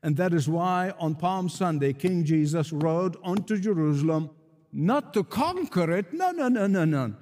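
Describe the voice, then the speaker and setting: A man's voice: fairly high pitch, a little mellow. A man preaching a sermon with emphatic, repeated rhetorical refrains. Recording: long reverb of a large hall.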